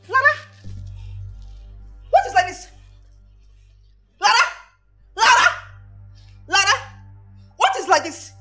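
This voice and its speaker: An actress playing a loud, boastful young woman who mocks and shouts at her broke friend, with a Nigerian accent. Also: very high voice, heavily acted. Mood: outraged. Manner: shouting, mocking, laughing scornfully. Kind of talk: Nollywood film acting.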